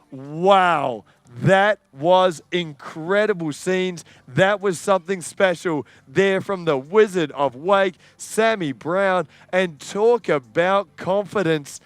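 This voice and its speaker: A man calling a live sports event, excitable and rising to shouts on the big moments. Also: high-pitched, smooth, no room sound. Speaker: sports commentator.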